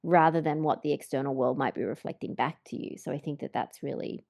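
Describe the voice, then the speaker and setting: A woman hosting a conversational interview, reflective in tone, her voice often softening and trailing off at the ends of her phrases. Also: deep voice, fairly quick, creaky. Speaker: podcast host.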